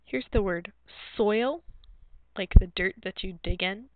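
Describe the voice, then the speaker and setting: A woman teacher slowly and clearly walking children through a phonics word sort, explaining each word. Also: medium pitch. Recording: dry, phone-like narrow sound.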